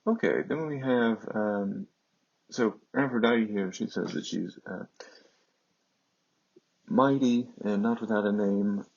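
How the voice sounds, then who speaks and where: A man teaching a classics lesson, speaking slowly and haltingly over on-screen text, with many fillers. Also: fairly low pitch, creaky, lo-fi sound.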